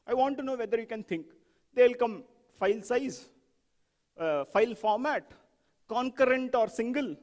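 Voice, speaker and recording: Animated man speaking in a hall. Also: extremely high pitch, normal speed, pauses often. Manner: animated, acts out examples, asks audience questions. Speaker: software testing speaker. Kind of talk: conference talk.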